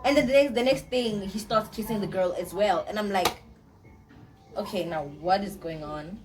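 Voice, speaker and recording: A young woman, telling a personal story to camera in a casual, animated way, often repeating herself. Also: medium pitch, moderate pace, background noise. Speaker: storytime vlogger.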